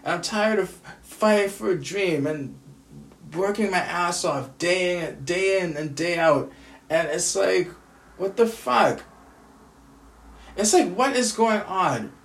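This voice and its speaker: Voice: medium pitch, takes it slowly. Bitter, profane ranter in a roomy echo. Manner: bitter, profane, repetitive venting. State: exhausted and upset. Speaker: aspiring screenwriter venting. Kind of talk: emotional solo rant to camera. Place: at home indoors. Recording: roomy echo, distant from mic.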